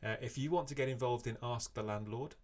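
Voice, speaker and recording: A man's voice: mid-range voice, brisk. A middle-aged man hosting a podcast, talking casually with frequent fillers. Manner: relaxed, chatty, with frequent fillers. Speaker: podcast co-host.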